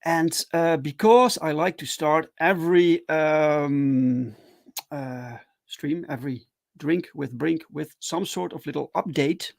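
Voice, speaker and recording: A man hosting a casual livestream chat, excitable and full of fillers and restarts. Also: fairly high pitch, slow pace, vocal fry, no echo. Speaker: talk show host.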